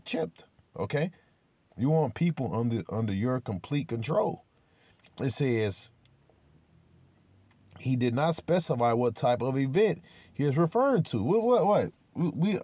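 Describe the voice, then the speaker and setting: A man giving informal, emphatic scripture commentary, talking with many repetitions and restarts, swearing freely and slowing down to read verses aloud. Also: mid-range voice, warm tone, no echo. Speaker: religious commentator.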